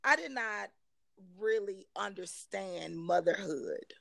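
A woman's voice: mid-range voice, animated, slow pace, vocal fry, fairly bright tone, no room sound, studio quality. A woman talking casually and animatedly, acting out quotes. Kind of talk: casual conversation.

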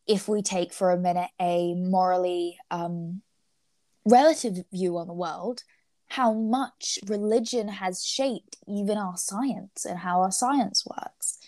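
A woman's voice: mid-range voice, takes it slowly, dark tone, dry recording. A young woman co-hosting a casual discussion of ethics, thinking aloud with frequent hesitations and fillers.

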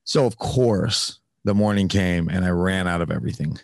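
Deep-voiced man telling a candid story. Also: normal speed, creaky, no room sound, studio quality. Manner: candid, with frequent fillers and some swearing. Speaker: podcast host, guest telling his recovery story. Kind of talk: casual conversational storytelling.

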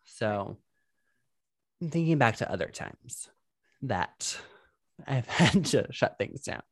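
Animated, laughing young man telling a story. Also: mid-range voice, takes it slowly, slightly rough, no room sound, studio quality. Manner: animated, giggly storytelling with many fillers. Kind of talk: casual chat.

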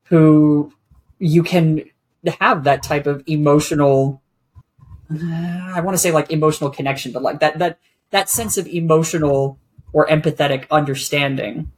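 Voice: medium pitch, steady tone, normal speed. Reflective podcast guest, searching for words. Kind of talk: casual conversation.

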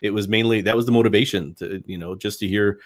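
A low-pitched man talks loosely as a podcast guest, a comics creator who wanders through stories and drops little voiced quotes along the way. His voice sits low and the sound is dry and close, with almost no room in it. The talk stays relaxed and conversational. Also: fast, no room sound. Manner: rambling, storytelling with put-on quotes. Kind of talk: casual podcast chat.

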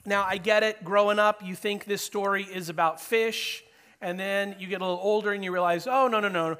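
A man preaching an informal, chatty sermon to his congregation as their pastor, joking and animated. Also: sits high, a little fast, clear, resonant tone. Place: church sanctuary.

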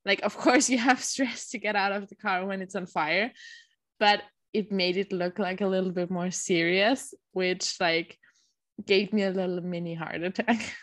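A woman co-hosting a podcast in casual chat, unhurried with many fillers and casual swearing, close to the mic. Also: medium pitch, fairly even intonation, fairly bright tone, no echo. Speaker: podcast co-host.

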